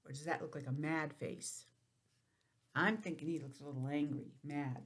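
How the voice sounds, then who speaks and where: Gentle woman teacher reading a story. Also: sits low, steady tone, normal speed. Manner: gentle, explaining and asking questions. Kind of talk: reading a picture book aloud to young children.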